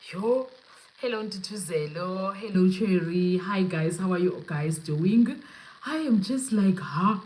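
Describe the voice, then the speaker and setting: A woman's voice: fairly low pitch, slight background noise, rough recording. Chatty South African woman hosting a live podcast. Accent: South African, mixing in Zulu. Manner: animated, chatty, code-switching, laughing often. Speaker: podcast host. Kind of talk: casual live-stream commentary.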